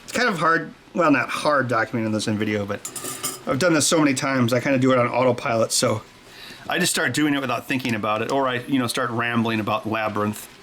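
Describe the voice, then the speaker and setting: A man's voice: medium pitch, quick pace, a bit bright, a little hiss or hum. A man hosting a workshop vlog, rambling offhand while he wires up a controller. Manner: rambling, offhand, jokey asides. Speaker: host.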